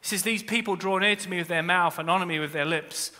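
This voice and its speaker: Pastor guy preaching, super bright voice, jokey asides, church hall echo. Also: high voice, fast talker. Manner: animated preaching, swings from quiet to shouting; humorous asides. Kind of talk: sermon. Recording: long reverb of a church hall.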